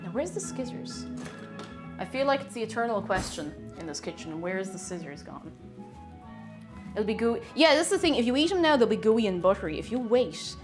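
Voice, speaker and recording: A woman's voice: fairly high pitch, normal speed, over music. A woman chatting casually with her stream chat while baking in her home kitchen, reading messages aloud. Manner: chatty, reads chat aloud, bursts of excited whoops.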